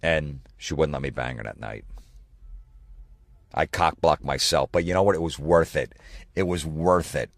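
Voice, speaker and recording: Profane ranting man with a low voice. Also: moderate pace, creaky, long pauses, dry recording. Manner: profane, exasperated ranting with mocking impressions. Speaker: comedian and podcast host. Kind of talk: ranting comedy podcast monologue.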